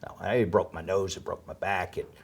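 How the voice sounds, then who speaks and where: A man's voice: sits low, fairly even intonation, moderate pace, creaky, breathy edge. A man telling his survival story in an interview, with dry humor and vivid detail. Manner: dry humor, vivid retelling with shouted quotes. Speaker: interview guest, disaster survivor.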